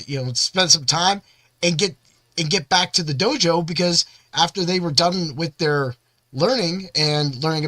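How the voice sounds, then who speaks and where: A male podcast host talks in a loose, rambling monologue full of boastful energy. His voice sits a little high and has a bright, forceful edge. The sound is dry and close, with no room echo. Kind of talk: casual hype-filled monologue.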